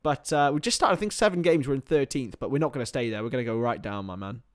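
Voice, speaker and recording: A young man hosts a live watchalong, calling the match play by play with excitement while chatting with viewers, then dropping into mumbled, filler-laden asides. His medium-pitched voice is fast, recorded at studio quality with no room sound.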